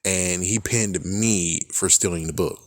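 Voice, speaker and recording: A man's voice: deep voice, a little slow, dry recording, studio quality. A young man talking in a casual, rambling monologue, swearing a lot and laughing often. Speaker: vlogger.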